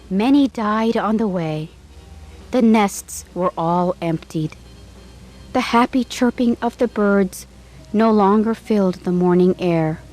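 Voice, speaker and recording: Woman storyteller, bedtime tale, slow and measured, faint music underneath. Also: fairly low pitch, dark tone, poor audio.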